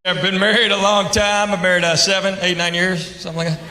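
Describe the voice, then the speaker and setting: Man, stand-up comedian, higher voice, story jokes with voices, roomy club, loud crowd behind. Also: little pitch movement, very noisy. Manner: storytelling with quick dialogue impressions. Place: comedy club stage with laughing audience.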